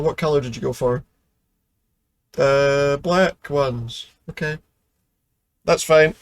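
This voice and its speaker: A man's voice: a little slow, long pauses, no room sound. A man giving casual, rambling, jokey commentary over a video game. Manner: rambling, jokey, low-key. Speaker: gaming video host. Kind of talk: casual let's-play commentary.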